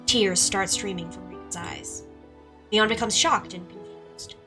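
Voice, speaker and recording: Girl streamer reading game narration, bright voice, quiet, soft music behind. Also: medium pitch, a little slow.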